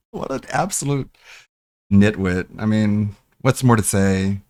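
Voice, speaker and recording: A man's voice: lowish voice, slow pace, background noise. A man streaming live, reacting to videos with mocking, scornful commentary and laughter.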